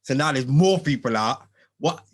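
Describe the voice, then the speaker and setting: A man, telling a story in casual chat, animated and slangy, acting out what people said. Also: mid-range voice, moderate pace. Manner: animated, slangy, acts out quotes in lively voices. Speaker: podcast host.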